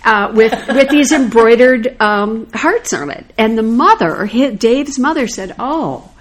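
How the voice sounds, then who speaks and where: Older woman, animated anecdotal storyteller, casual chat. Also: a little high, measured pace. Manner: animated anecdotal storyteller, acts out quoted lines.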